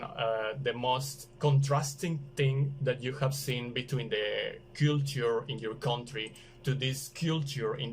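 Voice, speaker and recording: Hesitant male host. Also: medium pitch. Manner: hesitant, many fillers, searching for words. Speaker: podcast host. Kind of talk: casual interview chat.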